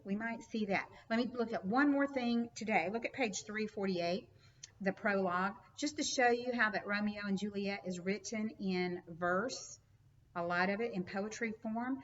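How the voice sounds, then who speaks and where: A woman's voice: mid-range voice, fairly bright tone, recorded from a distance, dull audio. A woman teacher giving a recorded lesson, reading verse aloud with rising emphasis and then explaining it in plain words.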